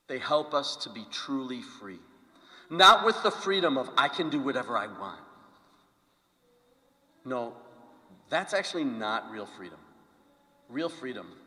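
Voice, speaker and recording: A male priest giving a conversational homily, telling stories and asking the congregation questions. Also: mid-range voice. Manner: animated storytelling with questions to the congregation. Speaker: pastor. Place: church. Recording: long church reverb.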